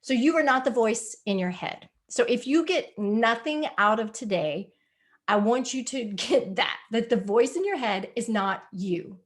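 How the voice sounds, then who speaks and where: This wellness presenter's voice is a little high, with lively intonation and an unhurried pace. Over a video call, she gives a live spiritual health talk, earnestly coaxing her audience and repeating herself.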